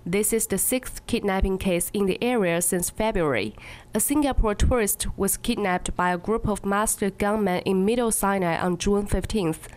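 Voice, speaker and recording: Female anchor, mid-pitched voice, steady scripted news read. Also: moderate pace.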